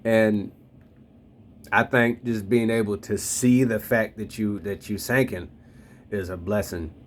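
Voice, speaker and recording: A man's voice: lowish voice, fairly even intonation, unhurried, a little hiss or hum. A man in his thirties reflecting on faith in a loose, slangy, rambling way, talking straight to his listeners. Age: 30s. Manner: addresses listeners directly. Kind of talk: casual spoken reflection on faith.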